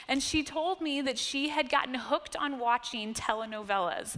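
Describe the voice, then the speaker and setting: An American woman in her thirties giving a sermon, telling personal stories in a chatty way, laughing often and dropping to a hush on key points. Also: high voice, moderate pace, few pauses. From United States. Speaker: church speaker. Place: church sanctuary. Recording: long church-hall reverb.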